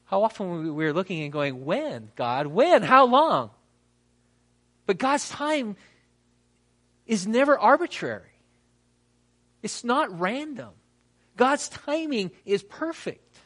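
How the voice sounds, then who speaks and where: A man preaching a sermon, reading scripture and acting out quotes with dramatic pauses. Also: high-pitched, big pitch swings, a bit bright. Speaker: pastor.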